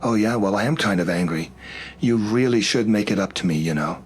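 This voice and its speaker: A man's voice: lowish voice, fairly quick, husky. A man voicing a wary, teasing nineteen-year-old woman in a storybook tale. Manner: sly, pointed replies.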